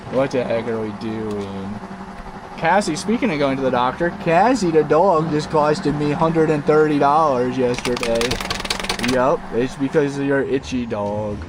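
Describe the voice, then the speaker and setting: A man's voice: mid-range voice, background noise. A man chatting casually on a live stream, rambling and talking baby talk to his dog.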